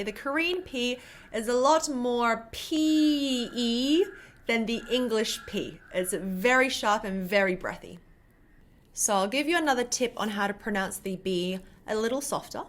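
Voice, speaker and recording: A young woman teaching Korean pronunciation to camera, demonstrating sounds slowly and repeating syllables louder. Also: on the high side.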